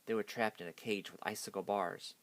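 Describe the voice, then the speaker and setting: A man's voice: lowish voice, fairly even intonation, fairly quick, no echo. A man hastily reading a children's picture book aloud. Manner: hasty reading. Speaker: storyteller.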